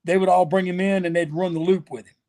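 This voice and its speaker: Gravelly man spinning road stories. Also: sits high, fast talker. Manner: folksy, animated storyteller who acts out quotes. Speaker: guest, wrestler. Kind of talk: storytelling interview.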